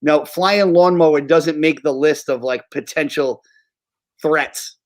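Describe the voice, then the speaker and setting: A man co-hosting a casual sports podcast, talking haltingly with many fillers. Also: a little high. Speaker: podcast co-host.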